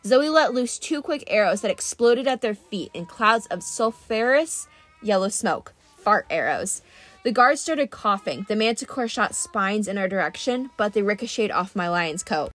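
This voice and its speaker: A woman reading an adventure novel aloud in first-person narration, brisk and expressive. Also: mid-range voice, soft background music. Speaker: audiobook reader.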